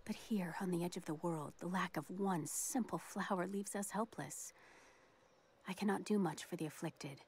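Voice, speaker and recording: An actress voicing a weary woman healer who writes a secret journal in a hushed, breathy, solemn whispered role-play. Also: on the low side, normal speed, slight background noise, natural voice. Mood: sorrowful.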